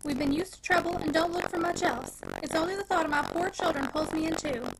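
A woman's voice: very high voice, wildly swooping pitch, brisk, gravelly, full character voice. A woman voicing a distraught, humble middle-aged farm wife and aunt who pleads tearfully. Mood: pleading, tearful. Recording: noisy home recording.

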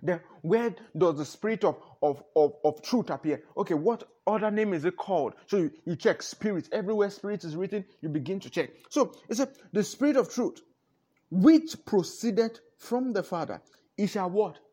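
A man preaching with a high, husky voice. He is emphatic, piles up repeated "no, no"s and chuckles between points. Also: animated, moderate pace, dark tone. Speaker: pastor. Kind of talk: sermon.

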